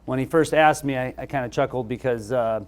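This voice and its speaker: A man who is a surgeon, giving a relaxed, conversational medical lecture with frequent hesitations. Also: mid-range voice, fairly quick, clear, resonant tone.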